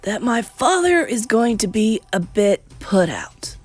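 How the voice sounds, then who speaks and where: A woman voicing a spoiled boy turned into a mouse, high and excitable. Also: unhurried, husky, heavily acted. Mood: hesitant. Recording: dry close sound with faint music.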